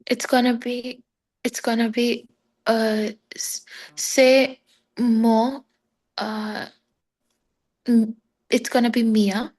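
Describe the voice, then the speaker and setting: A woman's voice: fairly high pitch, level tone, very slow, pauses often, a little mellow. A woman student answering in a French lesson over a video call, hesitant and thinking aloud.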